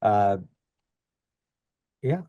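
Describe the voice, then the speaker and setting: A man's voice: very slow, dark tone, no echo, lo-fi sound. A young man co-hosting a podcast, rambling and long-winded in casual chat about the market. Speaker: podcast co-host.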